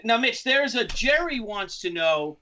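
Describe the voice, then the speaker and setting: Male host with a high, bright voice who asks questions and reacts briefly, heard over muffled lo-fi audio. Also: sing-song, a little slow, slight background noise. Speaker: podcast host. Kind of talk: casual interview. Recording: dull lo-fi audio.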